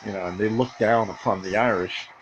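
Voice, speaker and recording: A man talking alone in a rambling casual monologue, halting often with fillers and restarts. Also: fairly low pitch, highs cut off.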